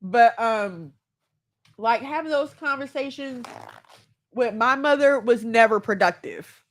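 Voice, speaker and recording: A woman's voice: fairly high pitch, slow. A woman giving heartfelt self-help advice as a mother, speaking earnestly and acting out the voices she quotes. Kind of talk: candid self-help monologue.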